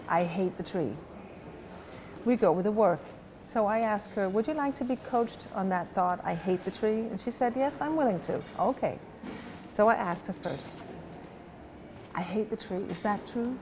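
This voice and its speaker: A woman coach, outdoors at a museum park, calmly telling a story about a client session and quoting both sides of the dialogue. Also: medium pitch, background noise. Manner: calm, retelling a coaching session with quoted dialogue. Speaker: house coach. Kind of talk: storytelling monologue to camera.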